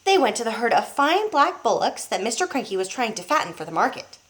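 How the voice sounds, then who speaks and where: A teacher reading a children's book aloud to young pupils, pausing to show the pictures. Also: female voice, on the high side. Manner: expressive, showing pictures as she reads.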